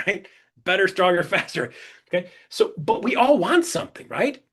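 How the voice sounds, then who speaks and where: A man with a husky, slightly raised voice coaches a webinar audience in a loose, conversational way. He jokes and tosses "right?" at his listeners as he goes. He acts out quick buyer-and-seller exchanges to make his points. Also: high-pitched, lively intonation. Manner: jokey and upbeat, peppers points with "right?" and "guys". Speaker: webinar presenter and business coach. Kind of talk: casual coaching talk to an online audience.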